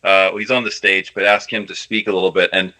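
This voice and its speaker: A man moderating a panel, introducing the next speaker in a halting way with fillers. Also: sits low, level tone, pushed and bright, poor audio.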